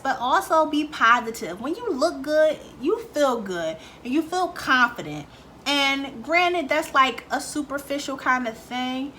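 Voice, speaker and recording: In her casual vlog, a young beauty vlogger with a voice on the high side spins an animated, chatty story. She swears liberally and acts out others' words over slight background noise.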